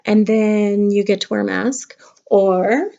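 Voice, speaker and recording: A woman's voice: medium pitch, steady tone, slow, creaky, warm tone. A middle-aged woman, a kindergarten teacher, talking young children through a craft lesson in a playful, chatty way. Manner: chatty, playful, talks straight to kids. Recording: dull lo-fi home video sound.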